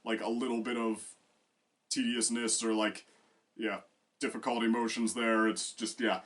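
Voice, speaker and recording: A man's voice: medium pitch, flat delivery, moderate pace. A man co-hosting a casual discussion, rambling with many fillers and restarts. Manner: bursts into loud acted quotes. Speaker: co-host.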